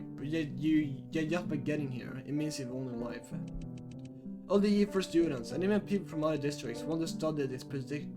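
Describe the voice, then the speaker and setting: A man voicing a cold, aloof young male student who speaks curtly and dismissively. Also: natural voice. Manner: curt, dismissive, lower voice.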